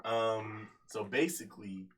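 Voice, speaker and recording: A man's voice: fairly low pitch, slow pace, a bit bright. A man co-hosting a podcast, telling a story in a loose, laughing way and checking in with "right?" between phrases. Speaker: podcast co-host. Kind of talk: casual chat. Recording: distant room mic with faint noise.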